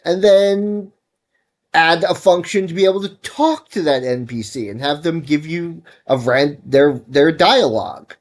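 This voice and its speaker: A man casually talking while programming on a livestream, rambling and correcting himself as he gives advice, sounding a bit tired. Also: fairly high pitch. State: tired, yawning. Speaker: livestreaming game developer.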